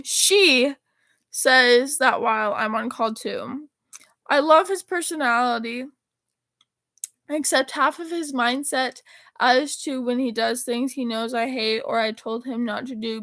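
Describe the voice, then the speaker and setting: High-pitched teen girl reading texts. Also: dry recording. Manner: animated, rambling, swears casually. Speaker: vlogger reading her text messages aloud. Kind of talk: casual chat reading out texts.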